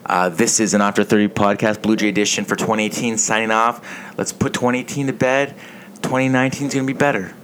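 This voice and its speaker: A man's voice: on the low side, little pitch movement, fast talker, fairly bright tone, a little hiss or hum. A man hosting a casual sports podcast, telling stories in a rambling, swearing way. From Canada. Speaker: podcast host.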